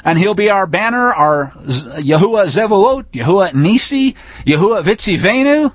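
A high-pitched man preaches in a folksy, emphatic manner, building to forceful declarations. His voice has a husky grain, and the recording is dry and close with little room sound. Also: animated, moderate pace, dry recording. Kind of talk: sermon-style teaching.

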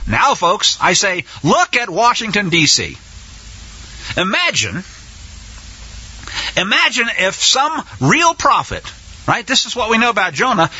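Male preacher, sermon, sarcastic, high lively voice, bright husky tone, dull lo-fi sound. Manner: sarcastic, animated storytelling.

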